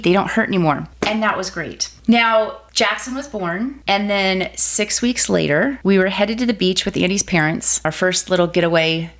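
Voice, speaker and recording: A woman in her thirties telling a personal faith story as a podcast guest, animated, acting out quoted voices. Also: moderate pace. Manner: animated storyteller, acts out quoted voices with big pitch jumps.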